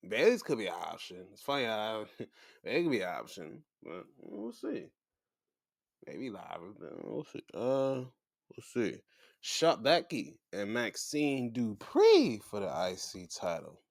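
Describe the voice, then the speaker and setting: A show host with a lowish, fry-tinged voice chats casually through a wrestling recap, acting out what people said. He's animated and chatty, and the dry recording has clean studio sound.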